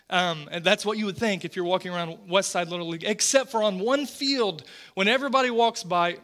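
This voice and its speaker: A man in his forties, a pastor preaching a sermon, earnest and animated, often repeating words as he tells stories. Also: high voice.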